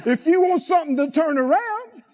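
A man's voice: extremely high pitch, animated, normal speed, darkish tone, muffled recording. A male preacher delivering a rousing sermon, calling out to the congregation and laughing often.

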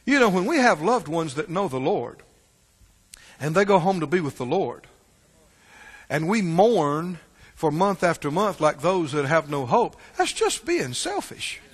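A man preaching a sermon to his church, swinging between shouted exhortation and low, quiet asides, often asking the congregation "right?". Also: very animated, a little slow, husky, big-room sound. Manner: call-and-response asides like "Right?" and "Huh?". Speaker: pastor.

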